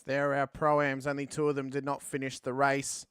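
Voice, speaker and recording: A man calling a sim race as play-by-play commentator, rising to excited calls at the finish. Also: medium pitch, normal speed, clean tone, dry recording, studio quality.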